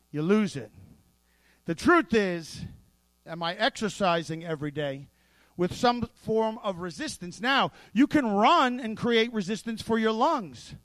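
A man with a strikingly high voice delivers a sermon, lively and playful, with asides folded into his points. The sound is dry and close, with no room around it. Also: no echo. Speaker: pastor.

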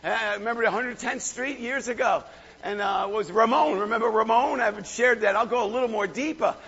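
A hoarse male pastor preaching a fervent sermon, shouting at the peaks and calling out to the crowd. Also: high-pitched, fairly quick. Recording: echoey hall, dull lo-fi sound.

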